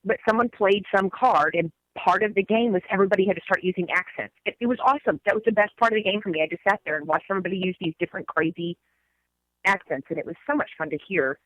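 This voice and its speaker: A woman's voice: medium pitch, fast, a bit bright, no echo, poor audio. A middle-aged woman, co-hosting a podcast in casual chat, enthusiastic and laughing easily. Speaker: podcast co-host.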